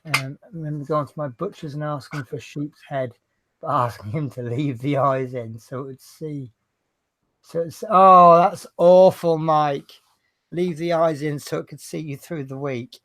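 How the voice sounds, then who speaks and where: A man's voice: fairly high pitch, normal speed, fairly bright tone, no room sound. A man hosting a casual hobby show, rambling through jokes and banter. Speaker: host. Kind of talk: casual chat, telling jokes.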